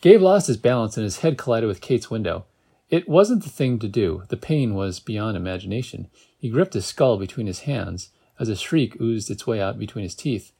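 A man's voice: lowish voice, lively intonation, normal speed, creaky, mellow, slightly rough. Amateur reader, man, casual read-aloud with joking asides and stumbles. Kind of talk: reading a novel aloud.

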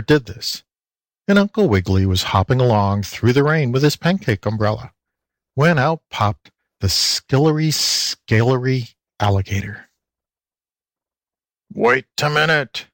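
A man reads a children's storybook aloud at an unhurried pace. His pitch swings widely as he brings the animals to life, and the sound is close and dry. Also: no echo. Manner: slow, lively, animated reading. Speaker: audiobook reader. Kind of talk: storybook narration with character voices.

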